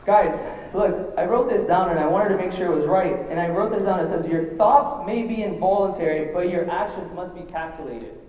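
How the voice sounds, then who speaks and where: A man's voice: high-pitched, normal speed, hardly any pauses, a little mellow, slight background noise. A young man in his twenties giving a fervent, emotional motivational speech at a company event, pushing the crowd with questions. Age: 20s. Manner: emotional, near tears. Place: large event hall. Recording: echoey hall from far off, dull.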